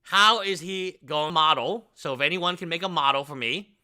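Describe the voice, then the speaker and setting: Excitable, bright-voiced male streamer. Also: on the high side. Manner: excitable, rambling, jokey, quick bursts of enthusiasm. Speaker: live stream host. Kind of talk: casual live stream chat.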